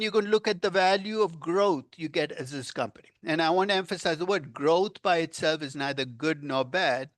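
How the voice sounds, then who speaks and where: An older male finance professor giving a university lecture, animated and quizzing his class, stressing key words as he explains. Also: a little high, no room sound, clean studio sound. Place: lecture room.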